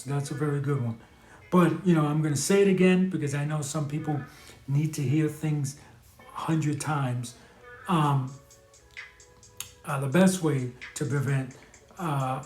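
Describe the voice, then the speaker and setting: A man from New hosts a live stream, talking candidly and earnestly with many fillers and restarts. His voice sits a little high for a man. The room gives the sound a clear echo. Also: darkish tone. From New York. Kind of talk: casual live-stream advice talk.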